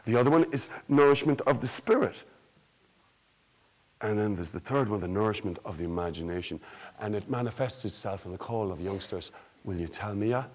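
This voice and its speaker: A man's voice: on the low side, fairly quick, rough recording. An Irish man, a storyteller, giving a theatrical, joking conference talk to a live audience. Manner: animated, theatrical, jokes and quizzes the audience.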